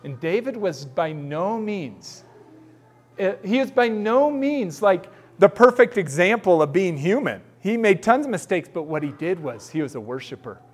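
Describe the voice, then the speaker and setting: A man preaching a sermon in a casual, animated storytelling way, acting out bits of dialogue. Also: sits high, normal speed. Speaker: pastor.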